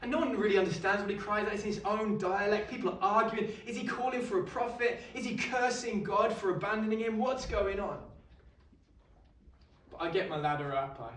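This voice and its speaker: A man's voice: sits high, brisk, fairly bright tone. A man playing a middle-aged Roman centurion, telling his story in a wry, conversational monologue to a live audience. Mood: awed. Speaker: costumed actor at an exhibition. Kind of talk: first-person dramatic monologue to a live audience. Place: indoor exhibition hall. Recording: echoey hall, mic at a distance.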